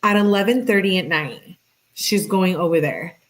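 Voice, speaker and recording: A woman's voice: moderate pace, rough recording. A young adult woman reading text messages aloud with commentary, her voice lifting slightly for the girl's lines. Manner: flat reading voice, pitch lifts for the girl's texts. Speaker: true crime commentator.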